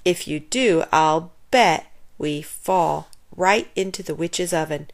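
A woman reading aloud as a nervous young boy who grumbles about everything that scares him. His voice sits a little low for a child. It frets and complains in a storybook reading. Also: slow. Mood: grumbling.

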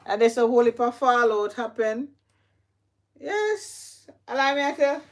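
Woman, Jamaican accent, middle-aged, gardening vlog, chatty and repetitive, somewhat high voice. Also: fairly even intonation, fairly quick. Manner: chatty, repeats herself, talks to viewers. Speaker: gardening vlogger. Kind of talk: casual chat while gardening.

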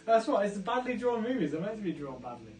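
A man's voice: high voice, sing-song, quick pace, darkish tone, roomy sound, soft background music. A man hosting a live online pub quiz, chatty and jokey, often going off on tangents. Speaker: quiz host.

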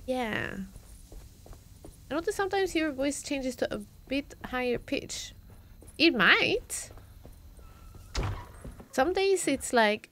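A woman's voice: high-pitched, lively intonation, takes it slowly, pauses often, a bit bright. A woman streamer chatting casually and reacting aloud as she plays a game live. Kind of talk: live gameplay commentary.

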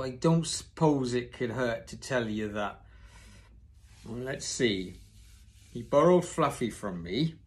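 A man reading aloud and voicing a big, gruff gamekeeper who is proud and secretive, speaking firmly and with emphasis. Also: mid-range voice.

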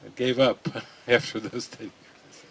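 A man giving an unscripted spiritual talk, relaxed and musing, often laughing softly. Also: mid-range voice, measured pace, breathy edge, poor audio. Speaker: spiritual teacher.

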